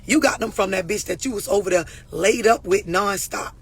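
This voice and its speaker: Speaking at a moderate pace in a mid-range voice with a breathy edge, a woman who coaches on relationships and mental health addresses her viewers directly. Her unscripted talk to camera is blunt, profane and preachy.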